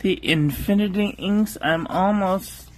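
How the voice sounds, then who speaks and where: Male host, higher register, slow and relaxed; casual livestream reviewer listing items in short phrases, chatting with viewers. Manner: unhurried, itemizing paper traits in short clipped phrases; chats aside with live viewers. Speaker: stationery reviewer.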